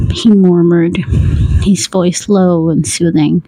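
A woman reading a story aloud in a breathy whispered role-play, laughing softly now and then. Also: lowish voice, steady tone, slow, no room sound, poor audio. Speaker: story reader.

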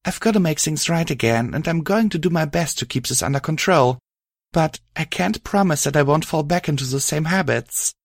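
A man's voice: fairly high pitch, lively intonation, vocal fry, no echo, clean studio sound, voice pushed up. A man voicing an anxious, stammering young pony. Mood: guilty. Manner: halting, stammering. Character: anxious guilt-ridden young pony hero.

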